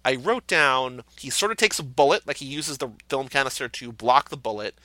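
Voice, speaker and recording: A man hosting a casual movie podcast, animated and acting out scenes as he retells them. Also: mid-range voice, moderate pace, no echo. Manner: animated, acts out scenes in quoted voices. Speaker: podcast host.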